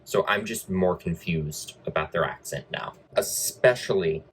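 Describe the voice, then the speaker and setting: A man's voice: deep voice, expressive, a little slow, a little hiss or hum, poor audio. A man giving a casual film review with wry, sarcastic asides.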